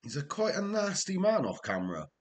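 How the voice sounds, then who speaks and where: A man's voice: sits high, wildly swooping pitch, brisk. An older man, chatting casually to his stream viewers while he plays a football management game, rambling and chuckling as he goes. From Wales.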